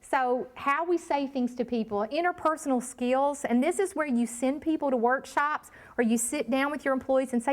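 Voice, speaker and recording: A woman's voice: sits high, moderate pace, few pauses. A woman leading a live training workshop, talking emphatically and addressing the room directly.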